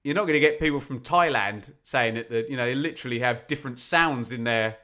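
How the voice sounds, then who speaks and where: A man from England giving live football commentary on a fan watch-along, chatty and opinionated, with sudden bursts of excitement when chances come. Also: mid-range voice, a little fast. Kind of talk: live football commentary mixed with casual chat.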